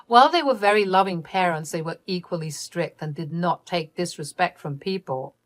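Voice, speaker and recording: A woman narrating a first-person family story in an even, matter-of-fact way. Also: on the low side, moderate pace.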